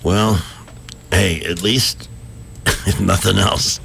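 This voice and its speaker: A man's voice: sits low, steady tone, very slow, vocal fry, a bit bright, a little hiss or hum. A man hosting a local radio show from the studio, rambling and self-deprecating as he tells stories. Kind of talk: casual morning radio chat.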